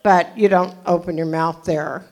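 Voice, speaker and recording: Animated older woman telling her story. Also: fairly low pitch, a little slow. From California. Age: 70s. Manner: animated, self-deprecating, jokey. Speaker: recovery meeting speaker. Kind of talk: storytelling talk.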